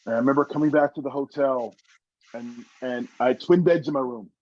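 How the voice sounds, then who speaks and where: A man's voice: medium pitch, fairly quick, darkish tone, muffled recording. A man, a former wrestler, telling stories from his career in an interview, earnest and emotional with many restarts. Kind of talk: reflective interview storytelling.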